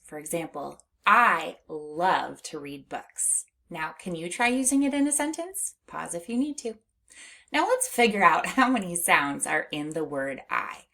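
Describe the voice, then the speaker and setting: A middle-aged woman teaches young children a phonics lesson, patiently encouraging them, stretching words out slowly and laughing lightly between steps. Her voice is lowish, creaky, pushed, and bright.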